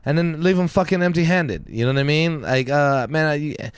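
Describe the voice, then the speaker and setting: A man's voice: on the high side, quick pace, smooth, dry recording. A man co-hosting a podcast, talking in an emphatic, profane rant full of casual slang. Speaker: podcast co-host. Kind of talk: casual chat.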